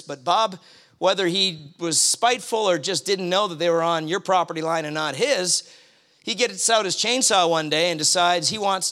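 A man's voice: a little high, sharp tone. A man preaching a sermon in a conversational way, telling a story from his own life and acting out his anger.

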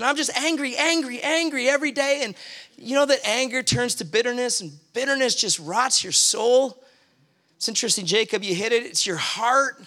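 A man's voice: extremely high pitch, lively intonation, normal speed, bright, forceful tone. A man preaching a sermon in a conversational way, telling a story from his own life and acting out his anger.

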